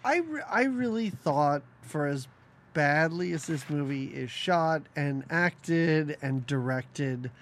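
A man co-hosting a podcast, chatting casually about a film with animated, sarcastic asides and frequent laughter. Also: fairly high pitch, takes it slowly. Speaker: podcast co-host. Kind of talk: casual movie-review chat.

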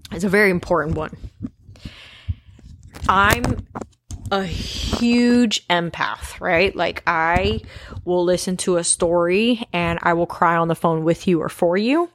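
A woman's voice: mid-range voice, no echo. A woman in her twenties talking candidly to camera in a casual confessional monologue, emphatic and swearing freely. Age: 20s. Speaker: vlogger.

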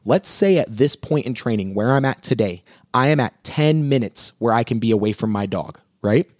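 A man hosting a live pet advice talk, walking viewers through dog training steps in an energetic, coaching way. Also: medium pitch, moderate pace, no room sound, clean studio sound.

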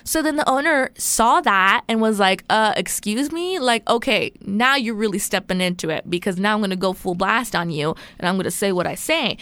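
A woman's voice: mid-range voice, animated, normal speed, hardly any pauses, a bit bright, no echo. Chatty female podcast co-host. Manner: chatty storyteller, many fillers. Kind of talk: casual chat, recounting news.

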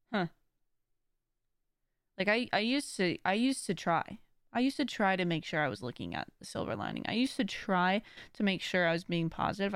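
A woman hosts a casual, faith-centered pep talk in a clear, smooth, mid-pitched voice. She sounds earnest and encouraging, filling her sentences with "like" and "kinda". The recording is dry and close. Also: no echo. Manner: chatty, full of "like" and "kinda". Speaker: podcast host.

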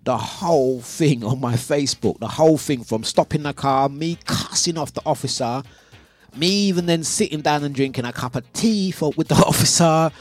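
Husky-voiced radio host telling a story. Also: male voice, on the high side. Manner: animated storyteller, voices his own quotes. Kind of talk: casual storytelling. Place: radio studio.

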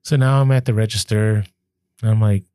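Recorded at studio quality with a clean tone and no room sound, this podcast co-host speaks a little fast in a lowish voice. His talk is casual, full of stories, and he animatedly acts out the conversations he quotes.

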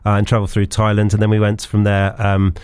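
A man's voice: on the low side, monotone, fast, darkish tone, smooth, dry recording. A middle-aged man chatting as a guest on a radio show, rambling and hesitant with lots of ums and restarts, laughing easily. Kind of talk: casual radio chat. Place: radio studio. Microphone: studio microphone.

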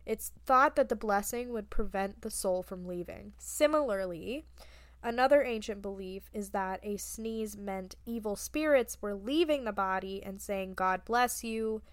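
A woman's voice: mid-range voice, measured pace, clean tone, dry recording. A young woman co-hosting a casual podcast chat, blunt and swearing freely as she tells stories. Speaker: podcast co-host. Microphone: remote call mic.

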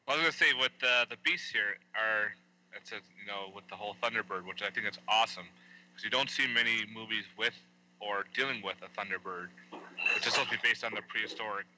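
Jokey male co-host on noisy audio. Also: on the low side. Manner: jokey, chiming in with quick remarks. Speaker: podcast co-host. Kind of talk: casual podcast chat.

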